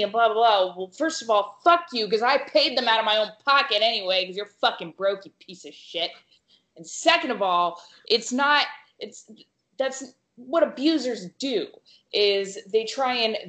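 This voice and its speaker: Woman host, mid-pitched, heated and profane, roomy echo on the mic. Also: a little slow. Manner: emphatic, angry, swears heavily. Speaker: podcast host. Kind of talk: casual podcast chat. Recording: echoey room.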